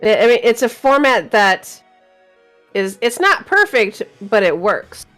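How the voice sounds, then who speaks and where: A woman's voice: a little high, big pitch swings, measured pace, a bit bright, faint music behind. Chatty woman co-hosting a gaming show. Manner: chatty, laughs often, teasing. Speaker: podcast co-host. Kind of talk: casual gaming chat.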